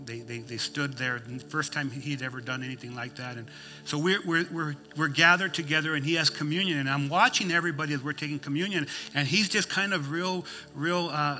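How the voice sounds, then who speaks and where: A man's voice: on the high side, pushed and bright. A male pastor preaching a sermon, folksy and emphatic, telling a story with many restarts.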